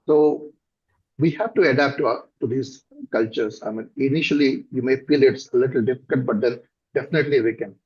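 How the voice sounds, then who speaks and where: A middle-aged man with a South Indian accent, answering interview questions as a company director in a thoughtful, halting way with many fillers. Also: medium pitch, a little mellow, slightly rough. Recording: dull lo-fi recording.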